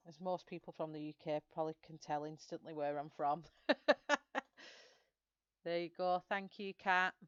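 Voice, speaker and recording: A woman's voice: deep voice, fairly even intonation, brisk, few pauses, clean tone, no echo, highs cut off. A woman with a broad Lancashire accent from Greater Manchester, chatting casually on a livestream and answering viewers' comments. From Greater Manchester, England. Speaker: livestream host colouring.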